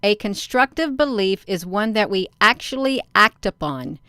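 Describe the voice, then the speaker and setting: A woman's voice: medium pitch, lively intonation, normal speed, sharp tone, no echo, clean studio sound. A woman hosting her own channel, reading a document aloud and commenting on it casually. She stresses words and repeats phrases, often calling out to viewers as "you all".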